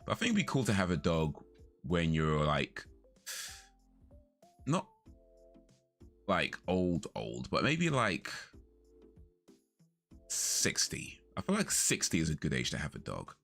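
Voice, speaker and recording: A man's voice: low voice, wildly swooping pitch, slow pace, vocal fry, long pauses, a bit bright. A young man casually chatting with viewers on a live stream, rambling, correcting himself and laughing often. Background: faint lo-fi music.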